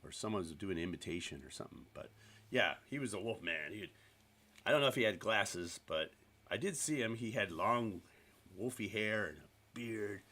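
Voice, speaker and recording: A man's voice: lowish voice, expressive, moderate pace, bright, forceful tone. A man hosting a live stream, chatting casually with viewers in a rambling, self-deprecating way. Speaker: livestream host.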